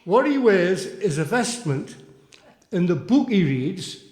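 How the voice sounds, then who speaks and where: A man's voice: sits high, sing-song, slow, darkish tone, exaggerated voice. An older man with a Geordie accent playing a canny Geordie lad who patiently corrects his friend in rhyming lines, on a small theatre stage. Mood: correcting. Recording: echoey live room.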